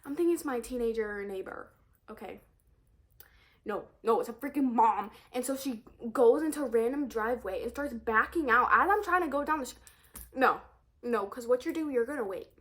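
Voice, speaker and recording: A teenage high school girl with a high voice rants to her camera in a storytime vlog. She talks in an exasperated, animated way, repeating lines and swearing as she piles on complaints. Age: teens. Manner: exasperated, animated ranting with frequent swearing and repetition.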